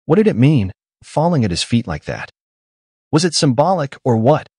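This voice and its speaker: A man's voice: medium pitch, very animated, moderate pace, breathy edge, no room sound, clean studio sound, voice pushed up. A man voicing a buffoonish, lying old father who splutters and rants theatrically in an audiobook. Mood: wheedling. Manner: shouting, mocking, self-dramatizing. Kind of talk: audiobook character reading.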